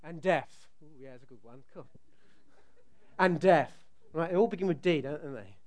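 A middle-aged man preaching a sermon, telling a family story with animated, sometimes loud delivery. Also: fairly high pitch, moderate pace. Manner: animated storytelling, rising to loud outbursts when acting out scenes.

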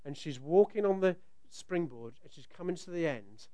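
Animated middle-aged man preaching. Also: a little high, normal speed. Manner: animated storytelling, rising to loud outbursts when acting out scenes. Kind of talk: sermon.

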